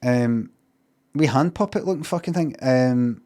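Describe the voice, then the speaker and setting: A Scottish man rambles through a recap on his stream, swearing freely and dryly amused at the silly bits. His voice sits at an ordinary middle pitch and he talks off the cuff, restarting sentences as he goes. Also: unhurried, mellow. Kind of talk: casual rambling review on a live stream.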